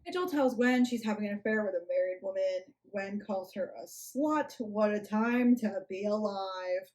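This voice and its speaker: A woman's voice: mid-range voice, measured pace, darkish tone. A young woman giving a sarcastic, casual rant review of a book, with snarky asides.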